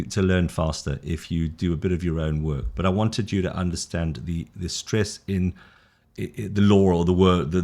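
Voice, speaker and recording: Middle-aged british guy, low deep voice, chatty english teacher, keeps getting tongue tied and laughs at himself. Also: darkish tone. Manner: rambling, gets tongue-tied, self-deprecating; enthusiastic. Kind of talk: casual one-to-one style English lesson.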